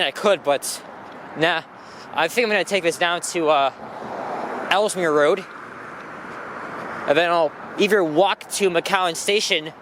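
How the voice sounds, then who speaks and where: High-voiced man vlogging from a busy street. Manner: rambling, animated, frequent fillers and restarts. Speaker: walking vlogger. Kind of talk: casual walking commentary. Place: outdoors on a busy city street. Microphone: handheld camera mic while walking. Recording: street traffic noise. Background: traffic and passing buses.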